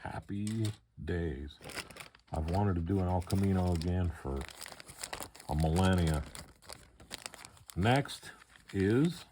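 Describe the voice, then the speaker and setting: Older male hobbyist, low-pitched voice, easygoing and meandering unboxing chat. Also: slow pace, long pauses, slight background noise. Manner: relaxed, rambling, with many fillers and restarts. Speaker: model kit hobbyist. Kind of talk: casual unboxing commentary.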